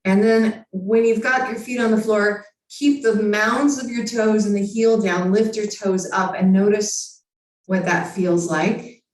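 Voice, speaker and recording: A woman leads a yoga lesson in a calm, encouraging voice, cueing each movement step by step. She sounds some way from the microphone. A strong echo hangs around her in the room. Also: mid-range voice, unhurried. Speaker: yoga teacher. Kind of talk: guided yoga instruction. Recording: very echoey room, far from mic.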